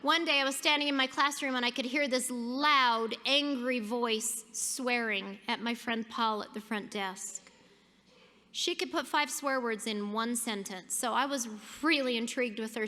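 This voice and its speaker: A woman's voice: a little high, bright, forceful tone. A woman giving a keynote speech, telling a personal story with animation and acting out the people in it. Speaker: keynote speaker. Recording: long hall reverb.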